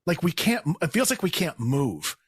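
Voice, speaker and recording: Animated, husky man telling a wild story. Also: fairly high pitch, moderate pace, dry recording. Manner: animated, acts out quotes in raised voices, laughs while telling. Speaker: guest storyteller. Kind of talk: casual comedic storytelling.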